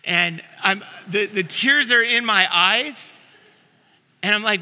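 A male pastor with a fairly high, very bright and forceful voice delivers a conversational sermon. He tells stories earnestly, often restarting his sentences. His voice rings with the long reverb of a church sanctuary. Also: slow. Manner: earnest storytelling with frequent restarts.

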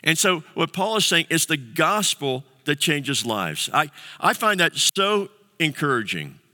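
A male pastor preaching a sermon in a conversational, halting way, with many fillers and restarts. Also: a little high, big pitch swings, bright, forceful tone. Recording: long hall reverb.

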